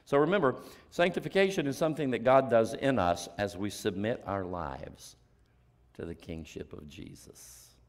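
A man preaching a sermon as pastor, firing off rhetorical questions and dropping to a hushed near-whisper for emphasis. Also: mid-range voice, normal speed. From United States.

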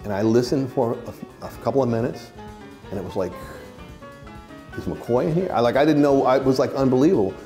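A man speaks in a warm, mellow tone at a middle pitch, telling a story as an interview subject. He sounds earnest and reflective. Soft music plays faintly underneath. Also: fast.

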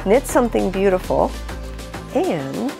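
A woman's voice: medium pitch, sing-song, a little slow, vocal fry, over music. A middle-aged woman with an upstate New York accent, chatting casually as a knitting podcast host and showing off yarn, with frequent laughs and asides. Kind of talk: casual show-and-tell chat.

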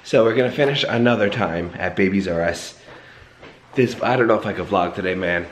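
A young man with a hoarse, sick voice, chatting casually in a morning home vlog and clearing his throat often. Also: fairly low pitch, a little fast, a little hiss or hum. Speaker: vlogger.

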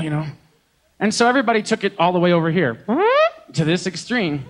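A man preaching from a concert stage in a folksy, joking, animated storytelling way. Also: high-pitched, moderate pace. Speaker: singer and preacher. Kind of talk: live concert sermon talk. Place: concert stage before an audience.

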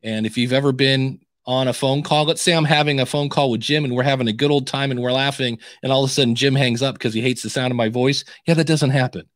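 A man hosting a podcast advice show, chatting in a lively, animated way with frequent restarts. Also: medium pitch, fast talker, hardly any pauses, no echo, studio quality. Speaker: podcast coach and host. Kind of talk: casual podcast advice chat.

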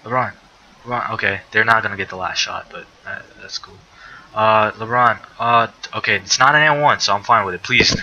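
Excitable young man commentating a sim game. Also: lowish voice. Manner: excitable, swearing, exasperated outbursts. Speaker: sim league streamer. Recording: dull lo-fi mic with faint noise.

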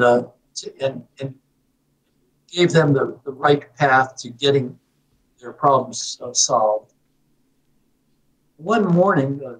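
A man in his eighties telling a story to his host in a casual, unhurried way, pausing on many "uh" fillers. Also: mid-range voice, far from the mic, rough recording. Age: 80s. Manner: unhurried, halting, with frequent "uh" fillers. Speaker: guest.

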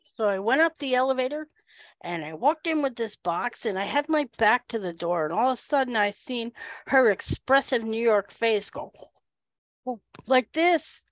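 A woman giving a humorous storytelling speech at a speaking club, animated and acting out the people in her story. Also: a little high, moderate pace, no room sound.

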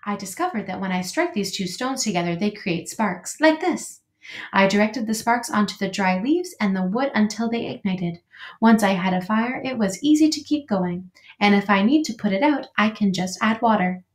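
A woman voicing a calm, polite female robot who speaks in plain, even, formal sentences, in an echoey room. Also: medium pitch, normal speed, natural voice.

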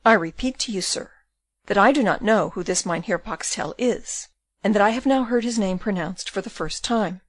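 A woman's voice: mid-range voice, moderate pace, no echo, lightly acted. A woman reading an audiobook, voicing an earnest, anxious young woman who pleads and insists. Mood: insistent.

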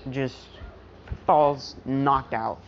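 A woman's voice: very deep voice, fairly even intonation, extremely slow, creaky, slight background noise. A woman telling a fan story in a casual, rambling way, with many fillers and restarts, recorded at home. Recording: dull lo-fi recording.

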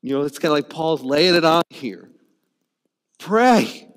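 A man's voice: a little high, steady tone, a little fast, fairly bright tone, clean tone. A man preaching a sermon as a pastor, in a loose conversational way, often repeating words and saying "you know" and "like.". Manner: conversational, repeats words while searching for phrasing.

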